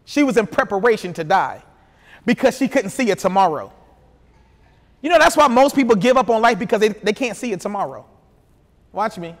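High-voiced preacher in a reverberant hall. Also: male voice, animated, brisk, pauses often. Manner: call-and-response, has the congregation repeat phrases; reads scripture then riffs in casual slang. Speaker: pastor. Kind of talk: sermon.

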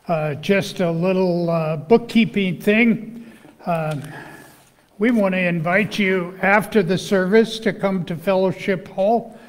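A male pastor who is losing his voice, giving church announcements and reading scripture in a slow, measured way with fillers. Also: sits high, in a large hall. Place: church sanctuary.

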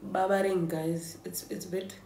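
A young woman from South Africa talks to her camera in a relaxed home vlog, thinking aloud and sounding a little nervous. Her voice sits low and mellow, and she speaks slowly. The room around her echoes. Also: slight background noise. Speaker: beauty vlogger. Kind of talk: casual vlog chat to camera.

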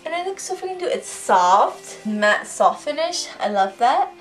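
A woman chatting casually through an unboxing, gushing and excitable, swearing freely. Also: sits high, measured pace, recorded from a distance. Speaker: vlogger unboxing fan merch. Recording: voice a bit off-mic, soft music behind.

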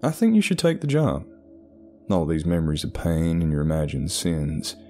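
A man voicing a calm male therapist in a horror story, speaking in a reassuring, gently insistent way. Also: sits low, moderate pace, faint music behind.

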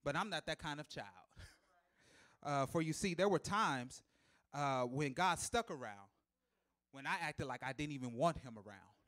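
High-voiced preacher building to shouts. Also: male voice, expressive, moderate pace, pauses often. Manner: builds to loud emphatic shouts, chuckles between points; repeats key lines for emphasis, calls to the congregation. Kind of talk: live church sermon. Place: church sanctuary.

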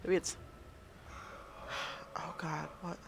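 A woman narrates her own horror game run in slow, casual commentary. She sounds nervous and mocks herself as she talks to the game. A faint hiss sits under the home mic. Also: deep voice, flat delivery, gravelly. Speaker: let's play gamer.

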